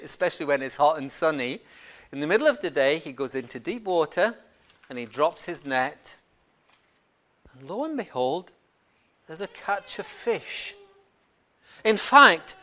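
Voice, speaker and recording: Slow storytelling preacher. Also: mid-range voice. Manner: storytelling, swings from loud to hushed. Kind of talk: sermon.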